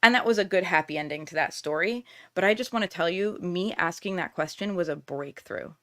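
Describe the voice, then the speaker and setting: A woman's voice: on the low side, brisk. A middle-aged woman hosting a live stream, talking candidly and reassuringly with viewers, with lots of casual fillers. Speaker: tarot reader and workshop host.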